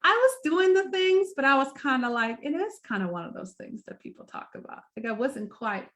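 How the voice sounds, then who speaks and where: A woman's voice: sits high, sing-song, brisk, fairly bright tone. Upbeat chatty woman coaching her team. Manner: upbeat, chatty, often asks "right?" and acts out little examples. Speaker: direct sales team leader. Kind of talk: live training chat.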